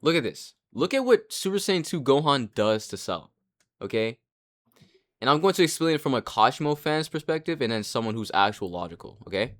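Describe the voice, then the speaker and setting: A young man giving casual commentary, rambling and excitable, with frequent restarts and casual swearing. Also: medium pitch, fairly quick. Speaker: anime commentary creator.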